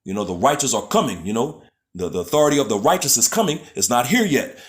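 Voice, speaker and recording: A man's voice: mid-range voice, sing-song, fast talker. A man teaching scripture in a loose, casual way, often restarting his phrases and tagging them with "man" and "you know what I'm saying". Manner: restarts and stumbles over words. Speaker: preacher. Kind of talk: street-style scripture teaching.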